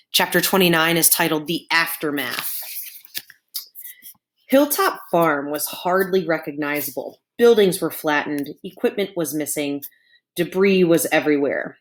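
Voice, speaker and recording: A woman's voice: low-pitched, a bit bright. A woman reading a chapter book aloud to children, adding chatty asides to her young listeners. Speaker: storyteller. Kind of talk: children's storybook read-aloud.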